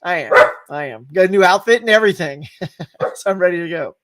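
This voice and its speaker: Chatty high-voiced male stream host. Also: expressive, fast, heavy background noise. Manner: upbeat, laughing, greets viewers by name. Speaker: host of a live stream show. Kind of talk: casual live stream chat reading comments.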